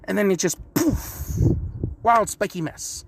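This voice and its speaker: A man voicing an eager, cheerful young ninja boy who gushes and bursts out loudly. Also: very high voice, measured pace, gravelly, background noise, pitched above the performer's own voice, full character voice. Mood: excited. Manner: excitable, gushing, loud bursts.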